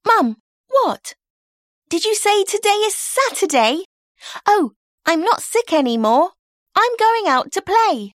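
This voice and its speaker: A woman's voice: high voice, lively intonation, slow, no echo, clean studio sound, voice pushed up. A woman doing a whiny sick young girl. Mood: excited. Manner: pleading, dramatic complaining. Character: whiny sick twelve-year-old girl.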